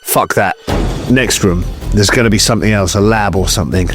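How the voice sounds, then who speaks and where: A man's voice: lowish voice, brisk, over music. A man playing a tabletop horror game, brash and jokey, swearing freely. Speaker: player.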